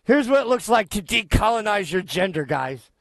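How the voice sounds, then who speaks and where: A man's voice: high-pitched, sing-song, normal speed, vocal fry, dry recording. A man doing reaction commentary, talking in a sarcastic, profane, ranting way.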